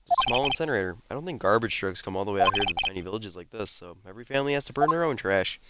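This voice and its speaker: A man's voice: on the low side, lively intonation, rapid-fire, heavy background noise. A man streaming himself, reading game dialogue aloud with casual, swearing asides. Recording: loud game music behind.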